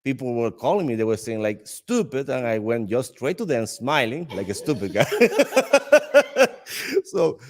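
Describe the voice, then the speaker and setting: A man from the Dominican Republic with a Dominican Spanish accent, a native Spanish speaker in the cigar trade. He tells an anecdote in casual conversation in a lively way, laughing often and restarting his sentences. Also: fairly low pitch, a little slow. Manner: animated storyteller with frequent laughter and restarts. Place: cigar lounge.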